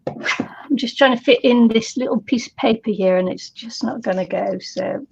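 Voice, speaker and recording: A woman hosting a craft video, chatting casually and commenting on her own work in a slow, laid-back way. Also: on the high side, vocal fry, darkish tone, slightly rough, muffled recording. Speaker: craft channel host. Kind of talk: casual chat while crafting.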